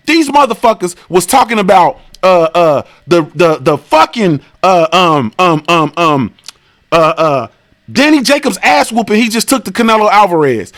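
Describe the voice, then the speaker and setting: A man's voice: high voice, fairly bright tone. A man hosting a boxing stream, ranting in a profane, casual way and firing off repeated rhetorical questions. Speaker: boxing show host. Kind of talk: live-stream rant.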